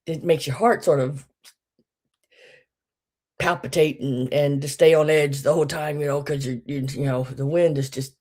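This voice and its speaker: Here the vintage sale host talks in a low voice with fairly even intonation, at a moderate pace and with frequent pauses. She keeps the live-stream chat casual and folksy, welcomes viewers by name, and mutters soft asides.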